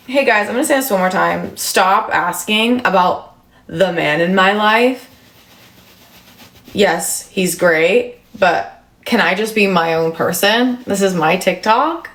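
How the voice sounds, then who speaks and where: A woman in her thirties chats casually on a livestream and answers viewers' comments as they come in. Her talk is loose and full of fillers, at a middle pitch. The room around her is echoey. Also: slow, fairly bright tone. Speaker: livestream host.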